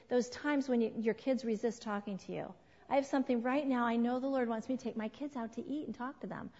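A woman in her forties giving an earnest, emphatic sermon to a women's group, slowing down to stress key words. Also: on the high side, warm tone. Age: 40s. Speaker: women's ministry speaker. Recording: dull sound with long hall reverb.

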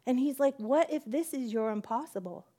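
A woman's voice: high voice, moderate pace, dark tone. A woman giving a personal testimony in church, acting out both sides of her conversations with God and laughing at herself often.

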